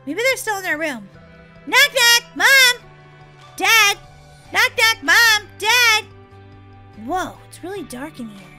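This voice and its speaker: Brief: woman voicing hyper little girl, high, very bright, chatty game role-play. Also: brisk, few pauses, faint music behind, full character voice. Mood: excited. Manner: chatty, excitable, talks to herself, giggly. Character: excitable young girl Molly. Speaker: roleplay gamer.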